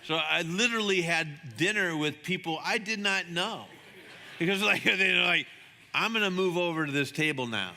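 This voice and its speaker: A man preaching a sermon as a pastor, chatty and animated, acting out the voices in his stories. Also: normal speed, creaky, a little hiss or hum. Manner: conversational, animated, acts out dialogue with shifting pitch. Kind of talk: sermon with storytelling. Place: church sanctuary. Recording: long hall reverb.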